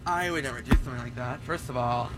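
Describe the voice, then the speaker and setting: A man's voice: mid-range voice, fast, over music, pitched below the performer's own voice, lightly acted. A man playing a flustered young man caught out, answering evasively in a radio comedy sketch.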